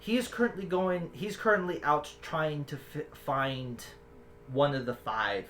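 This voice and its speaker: A woman's voice: low voice, a little slow, a bit bright, soft background music. A woman voicing a tall, proud guardian wrapped in an owl-feather cloak, with a theatrical, mixed-up put-on accent. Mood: earnest.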